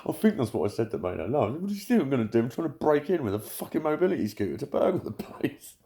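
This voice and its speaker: A man's voice: medium pitch, big pitch swings, fast talker, mellow. A man telling a story to camera in casual vlog talk, blunt and full of swearing, laughing often. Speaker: vlogger.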